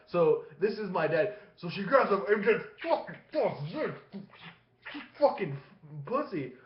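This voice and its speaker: A man casually telling a long profane story to his webcam, rambling and laughing between phrases. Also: a little high. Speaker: vlogger. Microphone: webcam facing him. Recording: echoey room, dull lo-fi sound.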